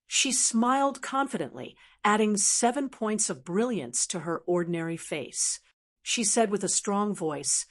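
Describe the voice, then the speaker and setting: A woman narrating a fantasy audiobook in an even, steady storytelling manner. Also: medium pitch, a little slow.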